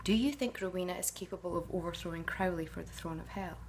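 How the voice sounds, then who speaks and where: Casting note: actress answering fan questions to camera, middle-aged woman, low gravelly voice, casual and musing. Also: fast talker, a little hiss or hum. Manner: chatty and musing, with frequent hesitations.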